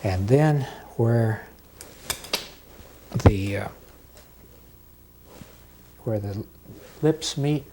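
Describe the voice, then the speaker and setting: A man teaching an oil portrait step by step, talking calmly with pauses while he paints. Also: on the low side, slight background noise. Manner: slow, unhurried and calm, with pauses while working. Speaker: painting instructor.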